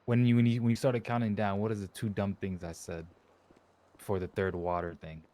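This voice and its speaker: A man's voice: lowish voice, little pitch movement, fairly quick, dark tone. A man chiming in during a casual chat, interrupting with questions and defending himself. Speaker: co-streamer chiming in.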